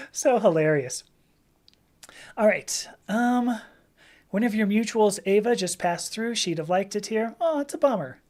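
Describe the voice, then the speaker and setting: A woman hosts a casual livestream, answering viewers' questions in a rambling, chatty way and often bursting into laughter. Her voice is medium-pitched, expressive and unhurried.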